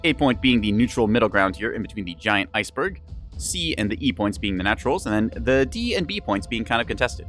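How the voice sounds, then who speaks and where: A man's voice: on the low side, big pitch swings, a little fast, fairly bright tone, soft background music. A young adult man giving casual live-stream commentary on a game, chatty and rambling, with frequent laughs and teasing asides.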